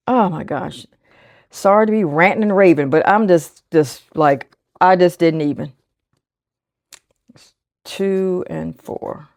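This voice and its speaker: A woman in her sixties with a deep, low-pitched speaking voice talks casually through her budget, counting bills softly as she goes. The sound is close and dry, with no room around it. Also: takes it slowly, vocal fry, pauses often, no room sound. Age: 60s. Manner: chatty, thinks aloud, counts bills under her breath. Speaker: budgeting vlogger. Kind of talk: casual chat while cash stuffing.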